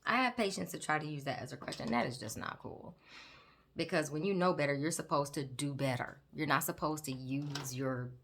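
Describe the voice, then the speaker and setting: A woman with a low, gravelly voice that still has a bright edge. She talks in an animated, chatty way, speaking directly to her viewers as a nurse host while putting on her makeup. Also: fairly quick, a little hiss or hum. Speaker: host, psychiatric nurse practitioner. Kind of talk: casual educational chat while doing makeup. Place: home, doing makeup on camera.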